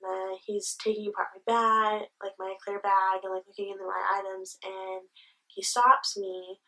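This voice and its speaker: A young woman vlogging at a medium pitch, telling her story casually and candidly. She swears freely and acts out each side of the exchange. Her voice sits some distance from the microphone. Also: little pitch movement, normal speed, pushed and bright. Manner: candid, swears freely, retells the scene with quoted dialogue.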